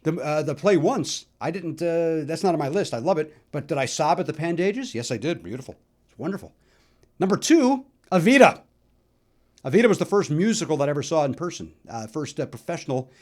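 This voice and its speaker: A middle-aged man from the Chicago area hosting a solo podcast, telling stories in a chatty, animated way with lots of fillers. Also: on the high side, fairly quick. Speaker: podcast host. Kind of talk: solo musical nostalgia talk.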